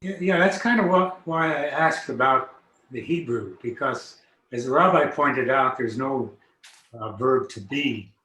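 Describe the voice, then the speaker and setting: Slow, tentative man in a roomy space. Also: mid-range voice, sharp tone. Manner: tentative, thinking aloud with fillers. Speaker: study group participant. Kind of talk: group study discussion.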